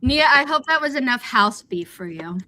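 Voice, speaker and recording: Bright, animated woman telling stories. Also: high voice, moderate pace. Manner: animated storyteller, acts out quotes. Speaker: livestream host. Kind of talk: casual chat.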